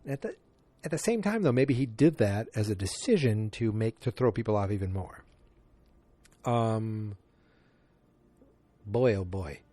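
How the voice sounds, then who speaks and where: Low-voiced man, casual rambling podcast host. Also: expressive, a little slow, pauses often, dark tone, no room sound. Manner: rambling, loose, full of fillers and restarts. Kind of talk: casual movie review podcast.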